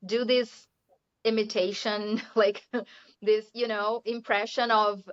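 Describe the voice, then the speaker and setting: A woman's voice: medium pitch, little pitch movement, slow pace, smooth, highs cut off. A Brazilian woman, an English teacher, speaking English in a chatty interview and often adding "you know" and light laughs. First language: Portuguese. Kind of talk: casual interview chat.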